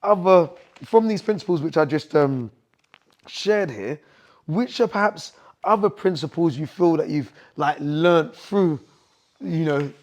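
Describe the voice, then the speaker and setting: A man's voice: fairly high pitch, a little slow, darkish tone. A man hosting a podcast, listening closely with frequent murmurs of agreement and then reflecting on principles he has learned. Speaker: podcast host, boxing coach. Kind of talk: interview chat.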